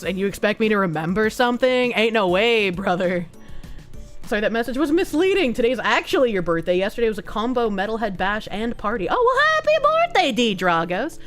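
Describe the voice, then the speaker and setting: A woman streamer casually chatting and reading donation messages, with loose, profane banter and frequent laughter. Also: medium pitch.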